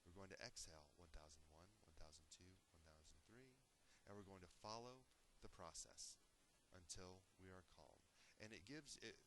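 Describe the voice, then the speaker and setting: A man in his thirties giving an online crisis response training lecture, calmly counting listeners through breathing exercises. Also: low voice, slight background noise, rough recording. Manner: calm, guiding count-along delivery.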